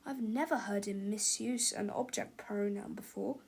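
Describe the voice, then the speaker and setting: A woman's voice: medium pitch, moderate pace, creaky, husky. A woman voicing a wry schoolboy in a storybook reading, dry and mocking. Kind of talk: storybook read-aloud.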